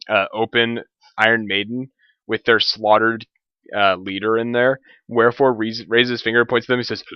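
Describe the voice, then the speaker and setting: A man's voice: on the low side, dry recording. Rambling man on a lo-fi mic. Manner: rambling, full of filler words and restarts. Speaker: tabletop game player recapping a session. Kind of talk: casual spoken recap. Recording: dull lo-fi home recording.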